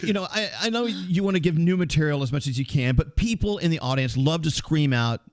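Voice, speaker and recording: A man's voice: fairly high pitch, expressive, a little fast, over a noisy crowd. A male radio host chatting with a guest in a studio and laughing easily. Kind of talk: radio interview chat.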